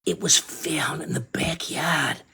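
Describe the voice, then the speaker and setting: A woman's voice: sits low, gravelly, pushed and bright, husky, full character voice. A woman voicing a whispering wildlife presenter in awe of a creature, as whispered role-play. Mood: awed. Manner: whispered, awed, slow. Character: hushed female wildlife presenter marveling at a creature.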